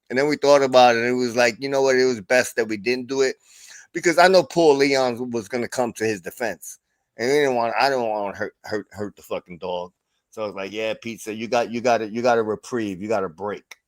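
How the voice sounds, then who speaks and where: A middle-aged man talks casually on a livestream, spinning profane stories and breaking into laughs. His voice sits mid-pitch and sounds dry and close to the mic. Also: a little fast, no echo. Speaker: stream host.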